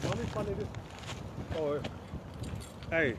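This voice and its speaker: Teasing dad filming outdoors. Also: male voice, fairly high pitch, measured pace, noisy background. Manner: teasing, trash-talking, laughs a lot. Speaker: father filming a fishing trip. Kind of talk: casual joking banter. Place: outdoors by a creek.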